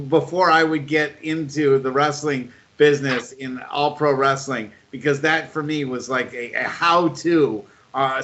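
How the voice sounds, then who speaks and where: A man's voice: a little high, bright, forceful tone, slight background noise. A man hosting a wrestling podcast, asking questions and sharing his views with enthusiasm. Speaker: podcast host. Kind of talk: casual interview. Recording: dull lo-fi podcast audio.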